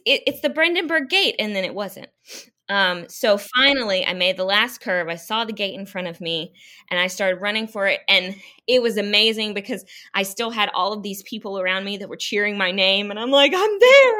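A woman guest runner telling her story in a casual, animated and emotional way, speaking over a video call. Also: mid-range voice.

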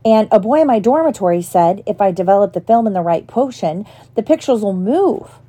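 A woman's voice: medium pitch, expressive, brisk, mellow, close to an everyday voice. A woman voicing a small, eager young schoolboy who talks breathlessly and stammers with hope. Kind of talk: audiobook character voice.

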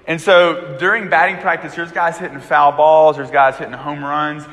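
A man's voice: on the high side, normal speed. A man from Alabama preaching a sermon, telling a personal story in a loose, conversational way. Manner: conversational storytelling, animated and chatty. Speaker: pastor. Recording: echoey hall.

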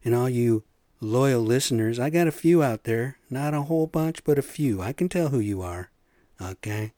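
A man's voice: mid-range voice, lively intonation, moderate pace, dark tone, no echo, studio quality. A man hosting his own solo podcast, rambling and opinionated with folksy slang. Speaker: podcast host.

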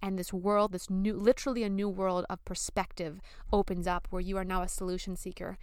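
A young woman hosting a podcast, telling a personal story in a chatty, animated way with lots of fillers. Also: mid-range voice, brisk, clean tone, dry recording, studio quality. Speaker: podcast host. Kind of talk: casual storytelling monologue.

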